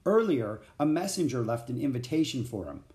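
Guy reading as a polite old night watchman, slow and kind, storybook voice. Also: mid-range voice, very animated, dark tone, echoey room, natural voice. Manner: polite, unhurried.

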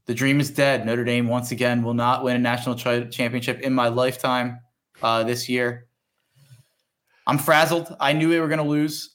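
A man's voice: medium pitch, fairly bright tone. A young man co-hosting a casual sports podcast, rambling and self-deprecating, swearing freely. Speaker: podcast co-host.

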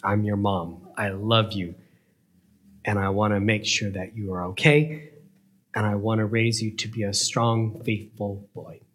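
A man voicing a gentle, reassuring mother in a storybook tale, speaking softly and tenderly. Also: on the low side, steady tone, measured pace, pitched below the performer's own voice. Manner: soft and tender.

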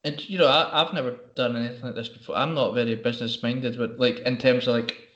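A man's voice: mid-range voice, steady tone, fast, a bit bright, echoey room, lo-fi sound. A Scottish man in casual chat, telling stories with slang and laughter.

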